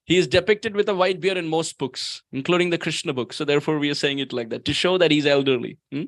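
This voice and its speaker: A man preaches at a temple in a high, ringing voice. He tells stories with emphasis and slows right down to chant verses. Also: a bit bright. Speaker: guest speaker at temple. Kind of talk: sermon.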